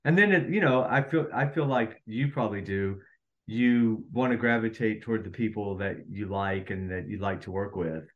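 A man on a podcast as an actor guest, speaking in a somewhat low voice. He chats in an easygoing way, often agreeing and adding friendly asides. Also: normal speed, highs cut off. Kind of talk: casual chat.

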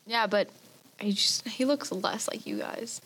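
A woman's voice: medium pitch, measured pace, a bit bright, a little hiss or hum. A woman chatting casually, mostly adding short reactions and questions. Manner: brief reactive interjections. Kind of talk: casual chat.

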